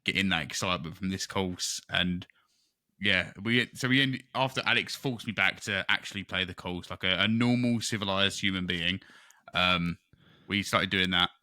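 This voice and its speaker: Brief: man, low, bright voice, excitable rambling podcast co-host. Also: normal speed, dry recording, clean studio sound. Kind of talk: casual chat.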